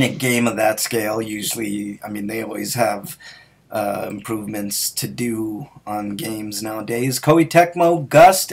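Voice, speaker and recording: Man, podcast host, casual chat, husky, slow, hesitant with fillers. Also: mid-range voice. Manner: hesitant, many ums and restarts.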